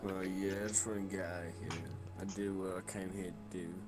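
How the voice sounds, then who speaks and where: A man's voice: low voice, level tone, a little fast, over music. A man playing a tabletop game, talking in a hesitant, casual way. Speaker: player. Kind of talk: casual tabletop role-play.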